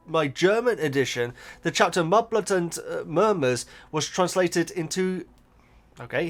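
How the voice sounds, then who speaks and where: Man, casual chat, reading viewer comments, stumbles and self-corrects, slightly high voice, faint music behind. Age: adult. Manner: chatty, often stumbles and corrects himself. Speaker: YouTuber answering viewer comments.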